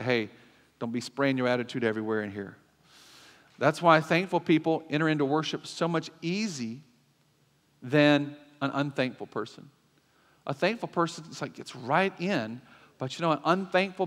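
A man's voice: on the high side, a bit bright. A male pastor preaching a sermon with emphatic asides and call-and-response to the congregation. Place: church sanctuary. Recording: long hall reverb.

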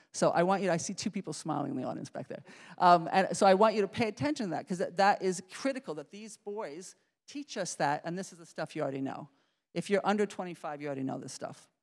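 A middle-aged woman, a psychology professor, giving a lively public lecture, restarting sentences and talking straight to the audience. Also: on the low side. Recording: reverberant lecture hall.

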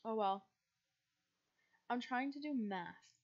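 A woman's voice: fairly high pitch, lively intonation, slow. A teenage girl streaming a game late at night, chatting casually in a tired, rambling, self-deprecating way. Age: teens. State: sleepy, yawning. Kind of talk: casual gaming stream chat. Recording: slightly muffled stream mic.

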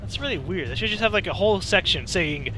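A young man rambling through casual gameplay commentary, excitable and profane. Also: high-pitched, fast. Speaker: let's play gamer.

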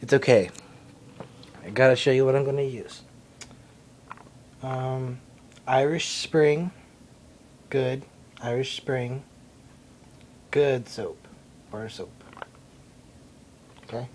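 A man's voice: mid-range voice, slow, long pauses, a little mellow, slight background noise. Rambling, foul-mouthed young man. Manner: rambling, profane, self-mocking. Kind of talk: casual vlog. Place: indoors at his mom's house. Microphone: self-recorded camera mic.

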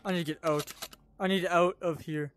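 A man giving casual VR gameplay commentary, excitable, swinging between yelling at enemies and muttering to himself. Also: on the high side, moderate pace, soft background music. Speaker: gaming channel host.

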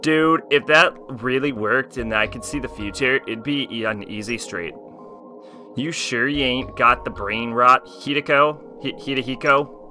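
A man's voice: mid-range voice, unhurried, pushed and bright, faint music behind. Man reading as brash teen boy Mark. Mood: teasing. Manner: loose slangy teasing.

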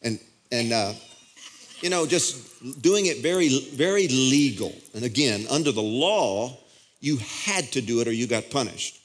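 A man preaches from the pulpit into a stage microphone, his pitch sitting in the middle range. He talks to the congregation in a conversational way and often restarts his sentences mid-thought. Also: lively intonation, measured pace. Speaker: pastor. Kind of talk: sermon. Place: church auditorium.

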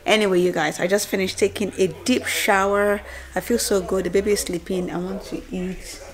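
A woman's voice: medium pitch, level tone, brisk, crowd noise. A woman, a mother chatting casually to her vlog viewers about family life. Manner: chatty, talks to viewers directly.

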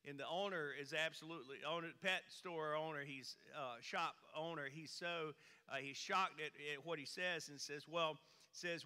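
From a church stage, a pastor delivers a sermon with a humorous story, telling it in a folksy style at normal speed. His clean, very bright, forceful voice swings high and loud for emphasis and rings through the sanctuary's long reverb.

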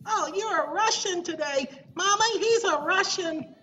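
A man putting on a high teasing tattletale voice. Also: measured pace, pushed and bright, soft background music, heavily acted. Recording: dull lo-fi recording.

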